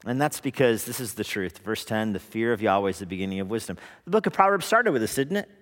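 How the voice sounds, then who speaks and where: A man preaching a sermon at an evening worship service, lively, acting out the voices of hesitant and scoffing people. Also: fairly low pitch, fast. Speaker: pastor. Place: church sanctuary. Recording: long reverb of a church hall.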